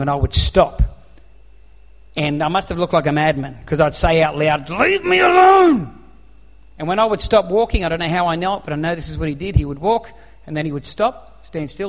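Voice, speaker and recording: An Australian man preaches in an earnest, conversational manner, slipping into voiced dialogue as he tells his story. His voice sits a little high for a man. It rings out with the long reverb of a large hall. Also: fast talker. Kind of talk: sermon with personal storytelling.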